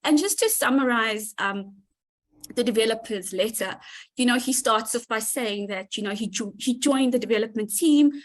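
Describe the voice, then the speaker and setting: A woman's voice: on the high side, normal speed, low-quality recording. Emotional woman giving heartfelt thanks. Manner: heartfelt, gushing, thanks people by name. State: near tears. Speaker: community leader presenting to members. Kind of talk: emotional speech on a live community call.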